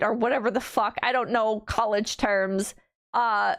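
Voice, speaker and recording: A high-pitched woman from the United States chatting casually on a stream. She rambles and swears, and she keeps jumping into loud, incredulous disbelief. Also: fairly even intonation, normal speed. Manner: rambling, profane, exasperated mock disbelief with laughing outbursts. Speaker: VTuber streamer.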